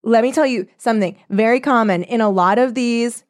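A woman chatting casually about a book, giggly and animated, swearing for comic effect. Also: a little high, brisk. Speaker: podcast co-host discussing a book. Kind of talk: casual chat.

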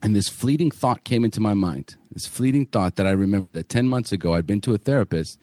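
A man's voice: lowish voice, fast talker, warm tone, no echo, clean studio sound. A man hosting a podcast, telling his own story candidly, with frequent swearing and fillers. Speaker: podcast host.

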